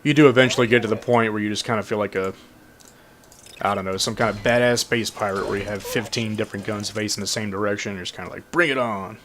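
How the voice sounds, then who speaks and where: Low-voiced man doing relaxed gameplay commentary, faint room hum behind. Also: fast.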